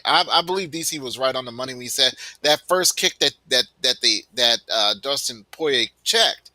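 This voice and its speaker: A man's voice: mid-range voice, sharp tone, dry recording. A man co-hosting a sports podcast in casual chat, emphatic and punctuating his points with "okay". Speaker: podcast co-host.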